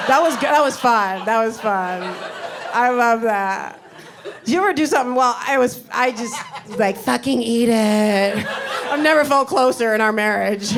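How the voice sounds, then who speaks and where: A middle-aged woman doing a stand-up comedy set in a club, wry and rambling with sudden indignant outbursts. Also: on the high side. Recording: live club recording with audience noise.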